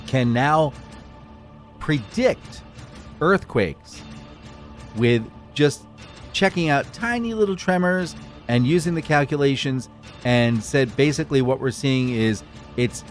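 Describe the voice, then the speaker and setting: A middle-aged man co-hosting a podcast, running through news items in a casual, jokey way. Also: mid-range voice. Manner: animated, jokey, drops into mock voices. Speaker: podcast co-host. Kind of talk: casual news roundup chat.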